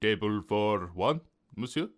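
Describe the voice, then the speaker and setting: A man voicing a smartly dressed, formal French waiter in an animated story. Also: fairly low pitch, slow pace.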